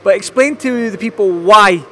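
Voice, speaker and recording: A man, a boxing interviewer, talking excitably in casual chat. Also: sits high, slight background noise. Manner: rapid-fire, excitable, talks over others.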